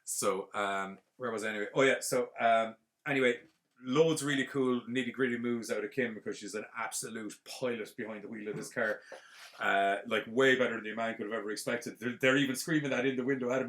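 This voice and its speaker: A man, hosting a podcast and retelling a film plot in a casual, rambling, animated way full of fillers. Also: medium pitch, fast talker. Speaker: podcast host.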